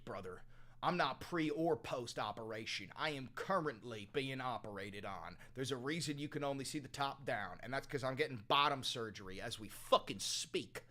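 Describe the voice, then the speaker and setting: A man playing a crude swaggering streamer bro. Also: medium pitch. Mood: indignant. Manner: swaggering, profane, swings from mumbling to shouting. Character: crude brash male livestreamer, calls everyone brother. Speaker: comedian. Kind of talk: comedic character sketch.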